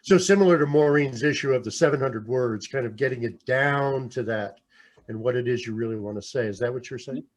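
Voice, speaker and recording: A man moderating a panel, asking the panelists follow-up questions in a relaxed way. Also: medium pitch, brisk.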